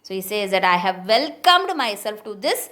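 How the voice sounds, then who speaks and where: A woman's voice: mid-range voice, very animated, brisk, a bit bright. A woman teaching an English prose lesson, reading lines aloud and paraphrasing them with questions to the class. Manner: reads a line, then paraphrases it with questions to the class. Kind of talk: explaining a prose text line by line.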